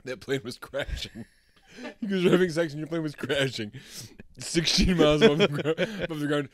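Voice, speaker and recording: A man co-hosting a podcast, trading crude jokes and laughing loudly in casual chat. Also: a little high, normal speed, no room sound. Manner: loud, laughing, crude banter. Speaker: podcast co-host.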